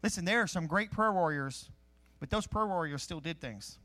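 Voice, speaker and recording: Man preaching a lively, chatty sermon. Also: a little high, normal speed. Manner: conversational, animated Bible teaching with jokes and asides. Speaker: pastor. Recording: live-streamed sermon.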